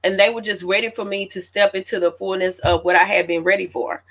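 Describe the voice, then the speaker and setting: An animated woman in her late thirties tells a personal story in a relaxed, chatty way, often turning to her listeners. Her voice sits at an ordinary middle pitch for a woman. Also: fairly quick. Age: late 30s. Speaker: author hosting her own celebration. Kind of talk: casual storytelling to an audience.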